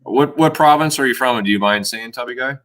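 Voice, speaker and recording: A man's voice: medium pitch, a bit bright. A man chatting casually about his outdoor videos, with many restarts and fillers. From Minnesota. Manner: halting, loose talker with many restarts. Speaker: guest outdoors video creator. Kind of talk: casual outdoors chat on a livestream.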